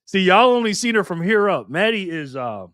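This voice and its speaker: A man's voice: high-pitched, sing-song, moderate pace, a bit bright, dry recording, clean studio sound. A man hosting a live stream, casually reading viewer comments and trading teasing, slangy banter with lots of laughter.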